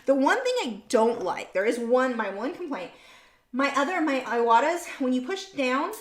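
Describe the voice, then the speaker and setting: A woman's voice: sits high, lively intonation, moderate pace, a little hiss or hum. A woman hosting a casual painting livestream, chatting in a rambling way and correcting herself mid-sentence. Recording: roomy room sound.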